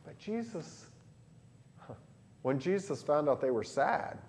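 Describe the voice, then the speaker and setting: A pastor with a Southern Illinois accent, leading a lively catechism lesson for children and adults and quizzing the class. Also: male voice, fairly high pitch, slow, slight background noise. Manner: animated, asks the class questions.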